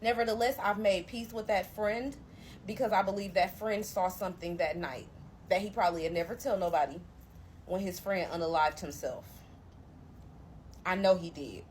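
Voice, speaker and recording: A young woman telling a personal story to camera, animated and emphatic, talking straight to her listeners. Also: medium pitch, normal speed, slight background noise. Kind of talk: storytime narration.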